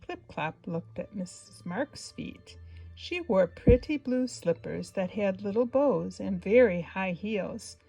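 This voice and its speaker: Woman, storybook read-aloud for kids; slow, breathy, gentle asides; faint music bed. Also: medium pitch, animated, no room sound, low-quality recording. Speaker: storybook reader. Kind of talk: reading a picture book aloud to children.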